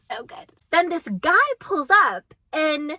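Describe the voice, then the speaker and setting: Bright, chatty young woman. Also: high voice, lively intonation, slow pace, dry recording. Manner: chatty, giggly, heavy on "like". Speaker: vlogger. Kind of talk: casual storytime chat.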